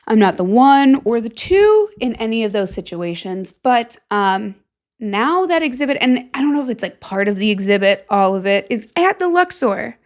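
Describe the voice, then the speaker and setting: A young woman hosting a podcast, chatting casually in a rambling, filler-heavy way with offhand swearing. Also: mid-range voice. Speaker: podcast host. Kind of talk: casual solo chat.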